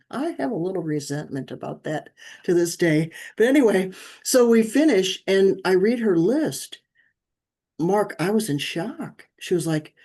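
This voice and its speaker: A middle-aged woman talks as an interview guest about parenting. Her voice is mellow and warm. She tells stories with energy and acts out the quoted lines. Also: deep voice. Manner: animated storyteller, acts out quoted dialogue. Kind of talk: conversational interview.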